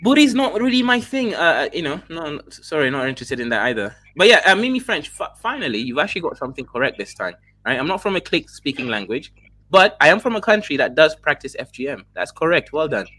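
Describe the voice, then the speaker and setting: Kenyan man, mocking debate panelist, quick lively delivery, bright tone. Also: fairly high pitch, no room sound. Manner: taunting, mocking, condescending. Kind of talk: heated live debate.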